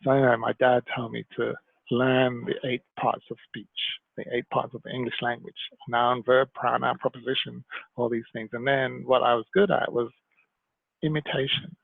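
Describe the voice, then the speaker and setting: Gravelly, husky man on a tinny line. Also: medium pitch, moderate pace, dry recording. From Jamaica. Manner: animated storyteller, slips into mimicked voices. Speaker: guest. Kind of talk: conversational interview storytelling. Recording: tinny phone-like line, dry.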